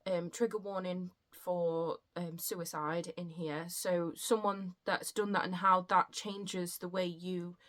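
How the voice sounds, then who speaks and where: A woman chatting casually in a reading vlog, rambling and warm-hearted about books. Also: lowish voice, level tone, slow, few pauses. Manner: chatty, rambling, emotional when grateful. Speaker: book vlogger.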